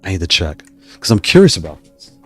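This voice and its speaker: A man's voice: low-pitched, sing-song, a little fast, slightly rough, soft background music. A man hosting a live stream, chatting casually with viewers in a rambling way, often stopping himself mid-sentence. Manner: rambling, self-interrupting, digressive. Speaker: YouTube host reading live chat.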